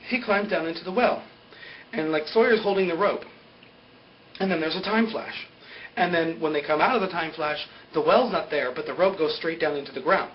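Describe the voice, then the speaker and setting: A young man recapping a TV episode in a casual, chatty way, full of fillers and quick laughs. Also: fairly high pitch, muffled recording, a little hiss or hum. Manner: chatty, filler-heavy, often laughs at own jokes. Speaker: TV recap vlogger. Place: indoor greenscreen video setup.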